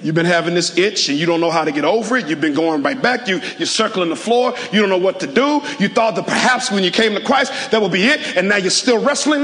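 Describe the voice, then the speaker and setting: A man preaching a sermon to a large auditorium, calling for responses and swinging from soft to shouting. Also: high voice, lively intonation, quick pace, hardly any pauses, in a large hall. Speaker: pastor.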